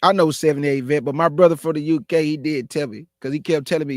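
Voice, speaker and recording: A man with a Houston, Texas accent hosting a religious talk show, speaking with forceful passion and aggression. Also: a little high, fairly even intonation, quick pace, hardly any pauses, no room sound, clean studio sound. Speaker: show host.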